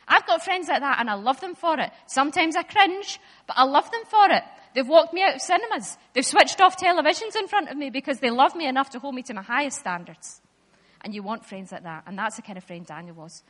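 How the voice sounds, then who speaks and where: A woman giving a lively, playful Bible talk in church, speaking directly to the children. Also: sits high. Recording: echoey hall.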